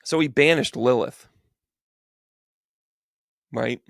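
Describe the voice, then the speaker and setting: Gravelly irreverent man telling a comic tale. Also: medium pitch, slow, fairly bright tone, no echo, clean studio sound. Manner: irreverent, rambling, stammering restarts. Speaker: spiritual medium. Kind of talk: comic storytelling talk.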